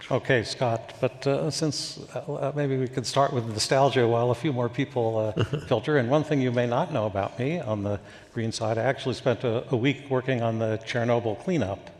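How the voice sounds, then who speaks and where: Older man musing haltingly in a reverberant hall. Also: medium pitch, steady tone, darkish tone. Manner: thoughtful, halting, anecdotal with many fillers. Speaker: guest expert. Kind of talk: onstage forum conversation. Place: conference hall stage.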